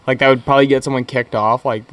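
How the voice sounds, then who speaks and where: A young man in casual, crude podcast banter. His pitch sits in the middle range and his telling wanders, full of fillers and restarts. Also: steady tone, fairly bright tone. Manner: rambling, halting with many fillers and restarts. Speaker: podcast co-host.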